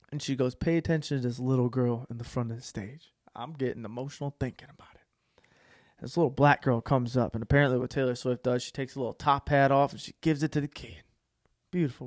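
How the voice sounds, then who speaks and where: A young man co-hosting a podcast, telling a story in a casual, profane way, dropping to a hush and then bursting out loud. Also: medium pitch, no room sound, clean studio sound. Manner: animated storytelling, profane, swings from hushed to loud. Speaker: podcast co-host. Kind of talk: casual chat.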